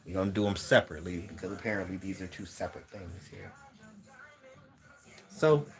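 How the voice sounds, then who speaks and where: A man's voice: sits low, steady tone, fairly quick, gravelly, faint music behind. A man giving a casual spiritual card reading to viewers, musing aloud and repeating words as he searches for messages. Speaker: tarot reader.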